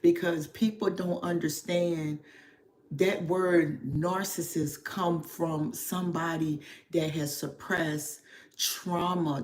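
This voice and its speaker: A middle-aged woman with a low voice talks to her livestream audience as a spiritual therapist, emotional and confiding in a personal, confessional way. She goes slowly and reflectively, pausing often and using soft fillers while searching for words.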